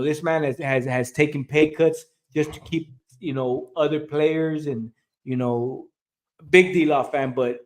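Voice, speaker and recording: Rambling frustrated man, slightly high voice. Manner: rambling, frustrated, full of "you know". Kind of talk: sports talk.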